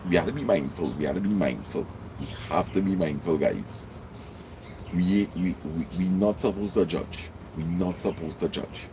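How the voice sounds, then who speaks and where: A man with a Trinidadian accent giving a casual motivational talk, emphatic and repeating his points, his voice jumping high when he makes them. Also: background noise. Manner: emphatic, repeats lines for effect, jumps high in pitch. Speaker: vlogger.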